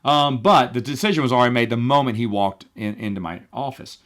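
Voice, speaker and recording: A middle-aged man tells stories from his old job in a relaxed, chatty monologue. He is animated and wry, with exasperated asides, and he slips into other voices when he quotes people. His voice sits at an ordinary pitch for a man. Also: fairly quick. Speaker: podcast host. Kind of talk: casual storytelling monologue.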